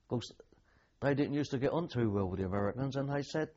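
A man's voice: mid-range voice, fast talker, warm tone, dull audio. An older man, a veteran telling rambling anecdotes with dry humour in an oral history interview.

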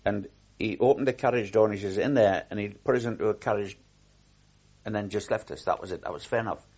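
A man's voice: lowish voice, fast, darkish tone, husky, dull audio. An older man recalling his war service in a rambling oral history, with frequent restarts and repeated words.

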